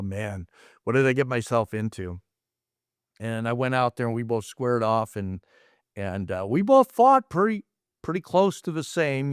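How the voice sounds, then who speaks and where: A middle-aged martial arts instructor from the United States rambles through anecdotes in a mid-range, clean voice, dramatizing the dialogue as he goes. There's no echo, and the studio sound is clean.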